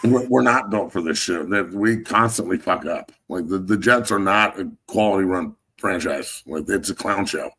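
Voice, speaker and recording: Deep-voiced and a bit bright, this sports talk host, once a football player, talks at a moderate pace with few pauses. He is blunt and heavily profane, and his talk rambles.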